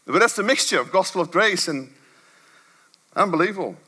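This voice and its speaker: A man preaching a sermon to a church congregation, swinging from low murmurs to high, emphatic bursts. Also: lively intonation, fairly quick, pushed and bright, breathy edge.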